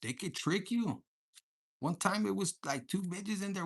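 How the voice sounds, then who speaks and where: During a crude, joke-filled tarot reading to camera, a man drops Spanish slang into his English and does quick mock voices of his listeners. His voice sits high and sounds expressive, creaky and slightly rough.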